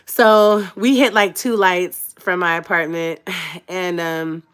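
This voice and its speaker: A woman vlogger telling her viewers a personal story in a casual, animated way, full of slang and asides, laughing often and swinging between hushed and loud. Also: on the low side, slow pace, clear, resonant tone.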